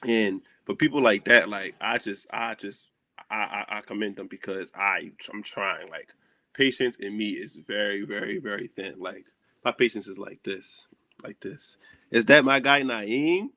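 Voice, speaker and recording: A young man with a Southern American accent, hosting a casual chat and acting out stories with animated dialogue. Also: fairly low pitch, moderate pace, no echo. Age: young adult. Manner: animated storytelling, acts out dialogue. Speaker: host.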